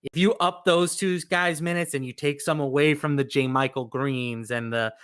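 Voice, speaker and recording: This betting analyst makes his arguments from data in a measured, matter-of-fact way. His voice is a little high and steady, bright and forceful yet smooth and crisp.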